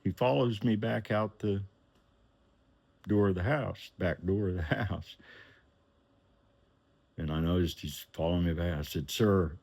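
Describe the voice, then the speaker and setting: A man telling a personal story in an animated way, acting out the voices of the people in it and chuckling now and then. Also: sits low, a little slow, creaky, long pauses.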